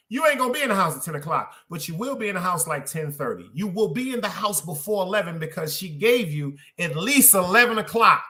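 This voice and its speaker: A man hosting a podcast, preaching loudly and with a lot of swearing, and putting questions to his listeners. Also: sits high, expressive, a little fast, hardly any pauses. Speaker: podcast host. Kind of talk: casual preaching monologue to a live chat.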